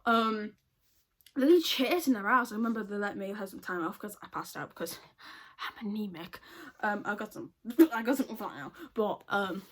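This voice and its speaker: A vlogger tells a storytime in a casual, blunt way, swearing a lot and laughing often. Her medium-pitched voice is animated and a little fast.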